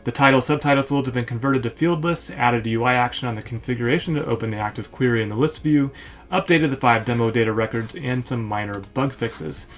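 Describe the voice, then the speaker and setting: A man hosting a screen-share walkthrough, reading feature lists aloud in a casual way, with filler words and quick asides. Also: mid-range voice. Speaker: host reviewing software store apps.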